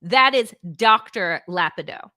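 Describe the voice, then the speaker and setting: A woman's voice: medium pitch, animated, unhurried, sharp tone, no room sound, studio quality. A middle-aged woman hosting her own show, talking through politics in a casual, indignant way, swearing freely and using lots of fillers. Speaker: political commentary host.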